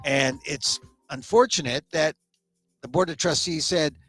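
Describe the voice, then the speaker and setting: A middle-aged man from the United States hosting a small talk show, delivering a sarcastic comedic monologue with quick restarts. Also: on the high side, fairly bright tone, slightly rough, faint music behind. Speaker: host.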